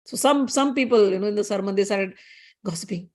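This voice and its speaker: A woman giving a spiritual talk. She retells a story in a lively way, with many restarts and asides. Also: medium pitch, a little fast. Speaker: spiritual teacher. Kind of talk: storytelling scripture discourse.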